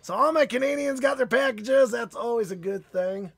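A man's voice: extremely high pitch, normal speed, vocal fry, a bit bright, husky, dry recording. A man hosting a live card-opening stream, upbeat and chatty as he greets viewers by name, while his voice is phlegmy and starting to go. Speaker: card-breaking stream host.

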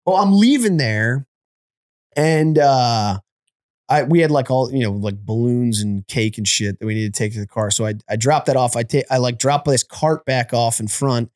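A man telling an animated, profane story on a casual comedy podcast. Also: mid-range voice, moderate pace. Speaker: comedian podcast co-host or guest.

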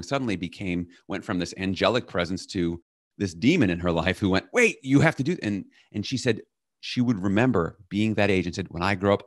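A middle-aged man, a leadership coach, telling a personal story as a podcast guest and loudly acting out the orders he quotes. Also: sits low, dry recording, studio quality. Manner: animated, acts out quoted commands loudly.

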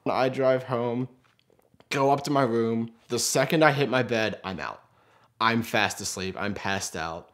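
Young guy, casual storyteller, self-mocking, mid-pitched, acts out the quotes. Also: measured pace, a bit bright.

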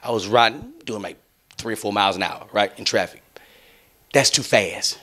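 A man's voice: on the low side, moderate pace, sharp tone. A young adult man hosting a podcast. He tells a long story in loose, profane, laughing chat and acts out the other people's lines. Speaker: podcast host.

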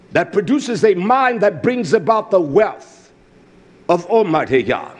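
A man preaching a fiery sermon, swinging from loud outbursts to low murmurs, with a husky voice.

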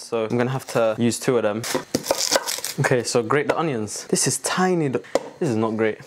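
A young man, rambling and joking to himself while he cooks. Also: mid-range voice. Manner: jokey, rambling self-talk, flustered and stressed. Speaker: vlogger cooking for his family. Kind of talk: casual chatty vlog. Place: home kitchen. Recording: noisy kitchen recording.

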